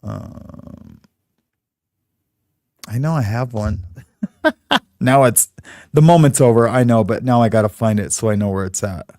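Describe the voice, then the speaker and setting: A man's voice: medium pitch, measured pace, pauses often, warm tone, no room sound, studio quality. A middle-aged man from California, hosting and telling a story in a casual, rambling way. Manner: rambling, conversational, many fillers. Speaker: host.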